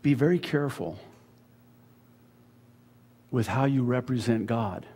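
A man preaching a sermon as pastor, dropping to hushed words and rising to loud emphasis. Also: medium pitch, unhurried, slightly rough, in a large hall. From USA. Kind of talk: expository sermon. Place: church sanctuary.

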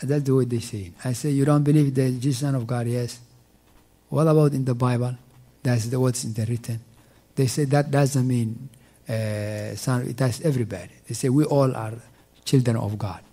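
Male teacher at a mosque, mellow tone, halting and repetitive delivery, quick recitation. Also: medium pitch, steady tone. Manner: halting, repeats words while searching for them; recites verses in quick Arabic, then translates slowly. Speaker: teacher explaining Quran commentary. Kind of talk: mosque tafsir class.

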